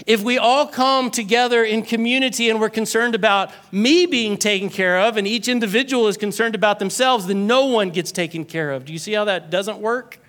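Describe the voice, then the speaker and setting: A middle-aged man preaches to his church in a sermon, animated and joking as he acts out the people he talks about. His voice sits very high and has a bright, ringing edge. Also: brisk, hardly any pauses. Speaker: pastor.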